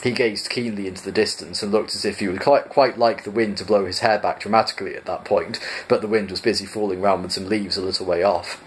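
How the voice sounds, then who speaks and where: Lowish-voiced man reading a novel aloud. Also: quick pace, hardly any pauses, slight background noise, rough recording. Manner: relaxed, with stumbles and restarts. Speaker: reader. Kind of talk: casual audiobook reading.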